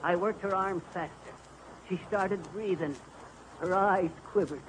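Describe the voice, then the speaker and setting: A boastful rambling yarn-spinner, 1930s radio comedy, high voice, noisy old broadcast. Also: male voice, measured pace. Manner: folksy, bragging, rambling. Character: boastful tall-tale-telling middle-aged man. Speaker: comic storyteller.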